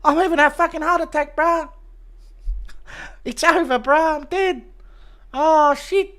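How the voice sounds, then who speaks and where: A man doing a high, squeaky impression of a jovial burly fighter with a put-on New Zealand accent, ending lines with "eh?". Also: steady tone, a bit bright. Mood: goofy, mock-dying. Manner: high, squeaky, drawn-out "eh?" tags. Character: jovial burly male heavyweight fighter dying comically.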